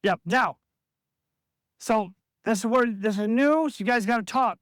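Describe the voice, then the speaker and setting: A basketball coach with a high voice runs practice, calling out drills and instructions a little slowly and breaking into the shouts he wants his players to use on the court. He's recorded close and dry, with no echo.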